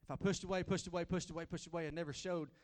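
A man preaching a sermon as a guest preacher, folksy and repetitive, swinging between loud and soft. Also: a little high, fairly even intonation, racing, in a large hall.

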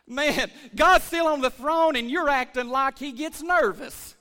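A man preaching a lively church sermon as pastor, calling for amens and swinging between shouts and hushed asides. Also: extremely high pitch, unhurried. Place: church sanctuary.

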